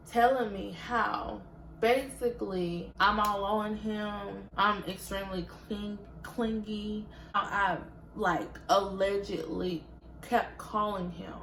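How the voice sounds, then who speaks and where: Young woman vlogger, unhurried animated storytelling, roomy echo. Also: medium pitch, gravelly, slight background noise. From Georgia, US. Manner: animated, swings loud when quoting herself. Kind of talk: storytime chat.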